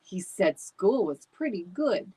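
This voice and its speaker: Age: adult. Figure: woman playing a bouncy male pet dog in a storybook. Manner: lively, high, husky-edged. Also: slow pace, heavily acted, poor audio. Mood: eager.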